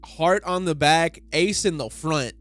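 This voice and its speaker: A man hosting a casual manga reaction, excitable and breaking into loud bursts. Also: on the high side, a little slow, faint music behind.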